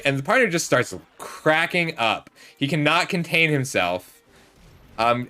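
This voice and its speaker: Bright, lively man streaming a card game. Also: a little high, moderate pace, soft background music. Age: 30s. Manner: rambling, chatty, talks to chat while playing. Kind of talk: casual gameplay commentary with storytelling.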